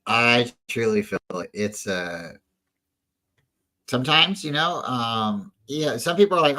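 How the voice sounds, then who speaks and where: A man's voice: medium pitch, very animated, measured pace, bright, forceful tone, poor audio. A man co-hosting a casual sports fan show, telling a long family story with a lot of restarts and asides. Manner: rambling storyteller with many restarts. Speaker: podcast co-host. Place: at home.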